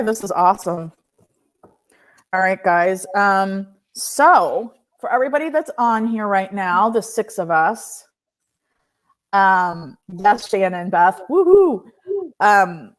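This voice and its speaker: Woman, live-stream card-reading host, mid pitch, unhurried, chatty. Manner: chatty, laughs often, greets viewers by name. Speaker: host reading oracle cards. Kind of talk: casual live-stream chat.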